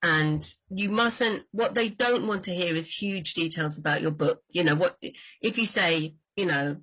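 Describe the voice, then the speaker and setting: A woman book doctor talking in a lively, chatty way on a livestream about writing crime fiction. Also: fairly low pitch, measured pace, breathy edge, low-quality recording.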